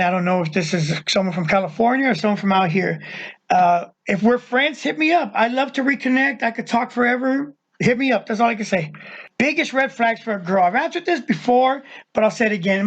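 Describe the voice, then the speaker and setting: A man's voice: high voice, a bit bright. Rambling man answering fan questions. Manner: rambling, plain-spoken, many fillers. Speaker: vlog host and youth wrestling coach. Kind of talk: casual solo Q&A. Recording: slightly dull lo-fi sound.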